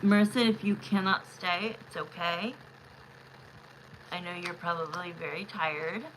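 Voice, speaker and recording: A woman hosting a live tarot stream, chatting in an excitable way and speaking straight to her viewers. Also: lowish voice, measured pace, background noise. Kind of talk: casual live-stream chat.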